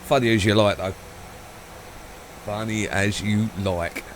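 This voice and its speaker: A man's voice: lowish voice, fairly even intonation, slow, slight background noise, rough recording. A man live-streaming a flight simulator, chatting casually, rambling, swearing and laughing a lot.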